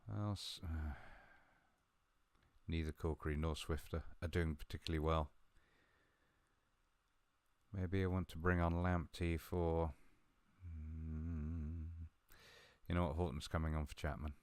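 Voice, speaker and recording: A man talking through a football management game he is playing, chatty and a little mumbling, with sudden bursts of excitement. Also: extremely low pitch, measured pace, long pauses, no echo. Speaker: gaming video host. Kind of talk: live game commentary.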